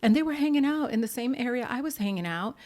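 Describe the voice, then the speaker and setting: A middle-aged woman from the United States tells her story as a guest in a podcast interview. Her voice sits a little high, and she acts out quotes with sudden jumps between loud and near-whispered. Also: fast talker. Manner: animated storyteller acting out quotes, swings between loud and soft. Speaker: singer and actress guest.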